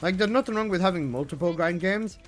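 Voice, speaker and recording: A man's voice: high-pitched, fast, faint music behind. A man live streaming, chatting casually with his viewers, swearing and laughing often.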